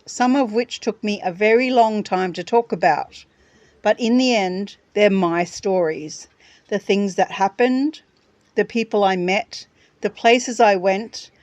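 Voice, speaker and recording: A woman's voice: mid-range voice, darkish tone, no room sound. A woman podcast host reading her own travel story aloud with wry humor.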